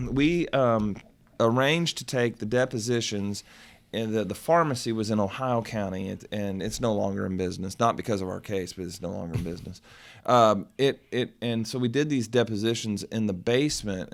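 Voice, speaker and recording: A middle-aged man, a lawyer co-hosting a podcast, telling a story in casual chat with many restarts and loud bursts when he quotes. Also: fairly low pitch, vocal fry.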